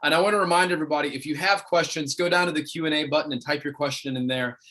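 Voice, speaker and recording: A man's voice: a little high, racing, pushed and bright. A man hosting an author interview over a video call, eagerly leading the questions. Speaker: host of an author interview series.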